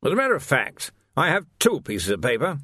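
A man's voice: a little high, huge pitch swings, fairly quick, sharp tone, husky, no echo, studio quality, pitched above the performer's own voice, heavily acted. A man voicing a pompous, blustering old army captain in an audiobook, who barks and tacks questions onto his accusations. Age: older. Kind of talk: audiobook character voice.

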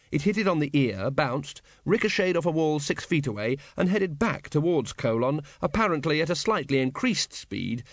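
Expressive male audiobook narrator. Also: a little high, dry recording, studio quality.

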